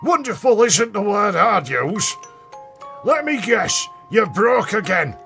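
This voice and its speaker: A man voicing a scornful, blunt grandfather who talks in a loud, mocking way. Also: high-pitched, big pitch swings, takes it slowly, vocal fry, faint music behind, voice pushed up, heavily acted.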